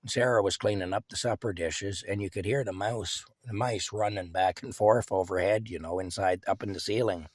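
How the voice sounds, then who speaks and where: An older man, telling family stories in a halting, rambling way. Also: lowish voice, fairly even intonation, no room sound. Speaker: vlogger. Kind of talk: casual storytelling.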